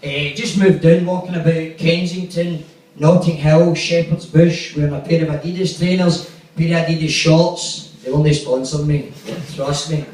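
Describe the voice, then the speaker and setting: Glaswegian man, stand-up comic, fairly high voice, very echoey room, heard from a distance, faint hiss. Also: fairly even intonation, normal speed, a little mellow. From Glasgow, Scotland. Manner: profane, rambling anecdotes with acted-out quotes. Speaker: stand-up comedian. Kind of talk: stand-up storytelling. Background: audience laughter.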